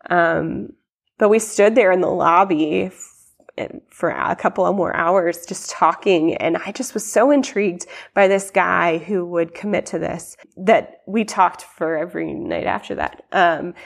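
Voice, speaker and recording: Woman with a gravelly, rambling storytelling voice. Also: mid-range voice. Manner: rambling, many fillers and restarts, animated quoting. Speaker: guest sharing her testimony. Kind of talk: personal story in a podcast interview.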